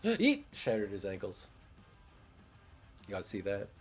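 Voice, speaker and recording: A male streamer talks over his gameplay in a slightly low voice. He is laid-back and jokey, swearing casually as he goes. Soft game music plays quietly behind him. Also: moderate pace. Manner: laid-back, joking, profane.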